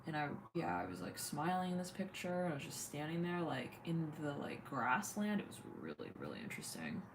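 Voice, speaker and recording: A woman's voice: low-pitched, very animated, brisk, a little hiss or hum. A woman hosting a casual livestream, chatting in a rambling way with many fillers, thanking viewers. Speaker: livestream host.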